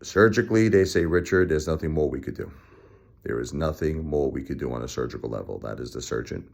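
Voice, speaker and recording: A middle-aged man talking straight to the camera, profane and emphatic, his voice swinging between low muttering and high shouting. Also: animated, a little fast, gravelly. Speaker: vlogger. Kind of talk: angry personal vlog rant.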